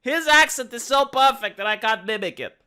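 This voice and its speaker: High, bright sarcastic Romanian man. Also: expressive, moderate pace, clean tone. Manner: mocking, sarcastic. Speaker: commentary host. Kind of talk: sarcastic comedic commentary.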